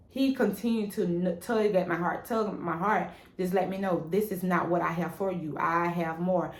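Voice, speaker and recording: A woman's voice: mid-range voice, reverberant. A woman vlogger talking casually and animatedly to her viewers about her faith, recorded on a propped-up phone at home. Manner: animated and preachy, addresses viewers as "y'all" and "baby". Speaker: vlogger sharing a faith testimony. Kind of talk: casual spoken testimony.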